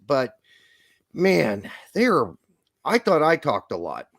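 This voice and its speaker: A man with a Midwestern accent co-hosting a podcast in casual chat, loud and rambling, swearing freely. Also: on the high side, huge pitch swings, takes it slowly, creaky, no room sound. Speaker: podcast co-host.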